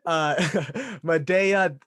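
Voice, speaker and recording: A man's voice: on the high side, drawn-out words, a bit bright. A man hosting a podcast, effusive in his praise and often stumbling and correcting himself mid-sentence. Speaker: podcast host. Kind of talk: casual interview chat.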